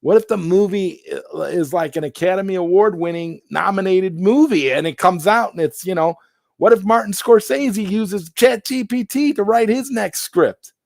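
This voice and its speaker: A man hosting a live stream talks in a loose, rambling way, doubling back and restarting his sentences as he greets people in the chat. His voice sits a little high for a man, and the sound is dry and close to the mic. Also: moderate pace, creaky, darkish tone, no echo.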